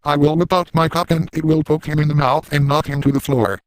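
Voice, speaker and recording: A man's voice: a little high, fairly even intonation, fairly quick, dry recording, natural voice, poor audio. A man voicing a sleazy, boastful middle-aged cartoon dad, narrating a crude story in the first person. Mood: smug.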